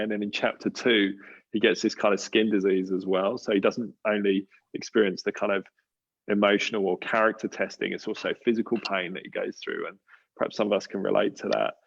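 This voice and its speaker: A man's voice: fairly low pitch, vocal fry, lo-fi sound. A man with an Australian accent hosting a church panel, talking through a passage in a conversational, thoughtful way with many fillers and restarts. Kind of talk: casual talk on a live panel.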